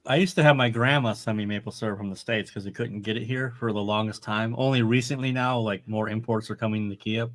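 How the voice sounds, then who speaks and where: A man's voice: fairly low pitch, fairly even intonation, fast talker, hardly any pauses, no room sound. A man from northern Wisconsin chatting casually on a podcast, swearing freely. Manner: loose, swears freely, laughs along. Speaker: podcast co-host. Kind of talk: casual chat.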